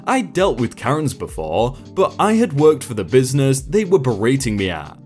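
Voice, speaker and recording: A man narrating a reddit story as a storytime channel host, in a lively, wry manner. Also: mid-range voice, moderate pace, faint music behind.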